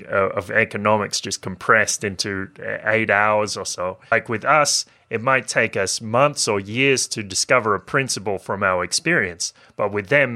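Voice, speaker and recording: A man hosting a casual podcast interview, laughing easily and nudging his guest along. His voice is on the low side but bright and forceful. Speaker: podcast host.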